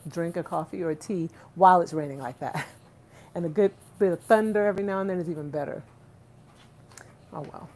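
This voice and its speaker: A woman vlogger hosts a livestream from her home kitchen while rain falls outside, cooking, laughing often, and talking directly to viewers. Her medium-pitched voice is a little mellow, picked up by a phone on the counter in poor audio with slight background noise.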